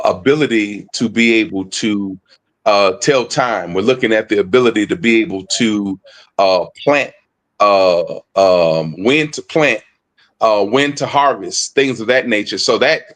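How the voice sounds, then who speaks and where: A man co-presenting a casual online discussion, talking haltingly with many fillers and restarts, speaking on a phone. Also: on the low side, fairly bright tone.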